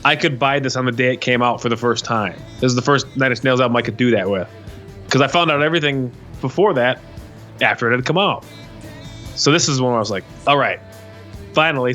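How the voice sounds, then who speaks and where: Man, podcast host, mid-pitched, rambling, enthusiastic, faint music behind. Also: fairly bright tone. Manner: rambling and enthusiastic, many restarts. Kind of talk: casual discussion of music.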